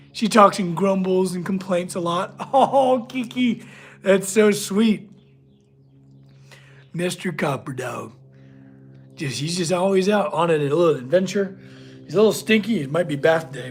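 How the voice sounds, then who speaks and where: A man's voice: high-pitched, expressive, normal speed, fairly bright tone, husky, faint music behind. A man hosting a casual livestream from his workshop, chatting with viewers and talking to his dog. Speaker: blacksmith livestream host.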